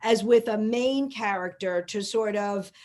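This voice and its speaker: A woman's voice: medium pitch, a little slow, a little mellow. A woman hosting an interview, casual and rambling, repeating words as she searches for her phrasing. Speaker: podcast host.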